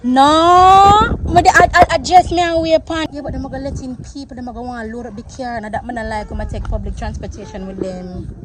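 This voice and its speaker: A woman's voice: high voice, fairly quick. A young Jamaican woman vlogging on a phone while she is out with her kids, mixing Patois and English. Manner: mixes Patois with English, talks straight to her children. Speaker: vlogger and mother. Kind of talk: casual vlog talk to camera and kids. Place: outdoors by city streets and on a bus. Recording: traffic noise outdoors.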